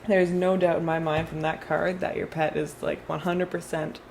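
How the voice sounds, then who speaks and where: Young woman, tarot reader, rambling casual delivery, lowish voice, faint hiss behind. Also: flat delivery, normal speed, vocal fry, darkish tone. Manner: chatty, rambling, with frequent fillers and restarts. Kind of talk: casual tarot reading vlog.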